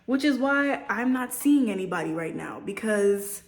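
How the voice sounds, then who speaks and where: A woman's voice: mid-range voice, moderate pace. A young woman chatting casually while she cooks at home, ranting with exasperation and laughing now and then. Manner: animated, exasperated rants with laughs. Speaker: vlogger. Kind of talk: casual chat while cooking. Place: home kitchen. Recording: echoey room with faint noise.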